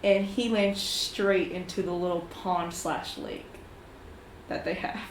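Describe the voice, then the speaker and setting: A woman telling her character's scene in a tabletop role-play game, animated and laughing often. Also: on the low side, slow pace, a little hiss or hum. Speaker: player narrating her character. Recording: echoey room with faint ambience.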